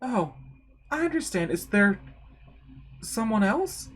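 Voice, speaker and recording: A woman voicing a shy, bashful young woman in a comic read-aloud, high and easily flustered. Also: sing-song, slow pace, a little hiss or hum. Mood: hurt.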